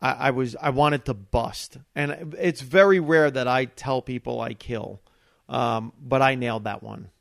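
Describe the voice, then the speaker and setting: Animated storytelling comedian, dry close sound. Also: male voice, medium pitch, measured pace, gravelly, no room sound. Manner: animated anecdote, acts out quotes with rising voice. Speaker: stand-up comedian. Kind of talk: casual storytelling.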